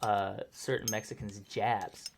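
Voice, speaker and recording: A man's voice: lowish voice, little pitch movement, unhurried, vocal fry, noisy background. A man co-hosting a podcast in casual chat, who acts out quoted voices and laughs often. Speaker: podcast co-host.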